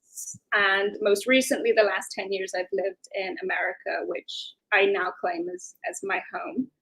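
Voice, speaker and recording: A woman's voice: medium pitch, normal speed, bright, forceful tone, low-quality recording. A woman with a Belfast Northern Irish accent, speaking as a talkative guest in an interview and giving long, flowing explanations. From Northern Ireland. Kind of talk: interview conversation.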